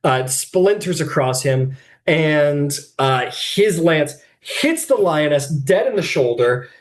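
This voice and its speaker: A man narrating as game master of a tabletop game, telling the scene in a lively, rambling way full of fillers. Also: on the high side, slow.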